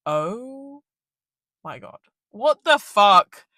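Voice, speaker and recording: A woman's voice: mid-range voice, big pitch swings, extremely slow, bright, forceful tone, no echo. A young woman, rambling casually through a storytime in her car and swearing freely. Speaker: vlogger.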